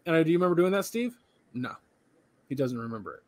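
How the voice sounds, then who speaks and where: Tired, animated young man telling a story. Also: a little high, fast, no room sound. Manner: animated retelling, acts out quoted voices, swears casually. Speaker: podcast co-host. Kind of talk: casual storytelling chat.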